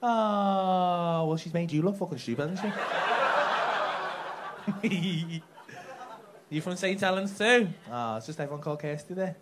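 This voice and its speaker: A man's voice: high-pitched, measured pace, long pauses. A male stand-up comedian doing brash, profane crowd work on a comedy club stage with a handheld mic. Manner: brash, profane teasing banter. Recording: live club recording with background noise.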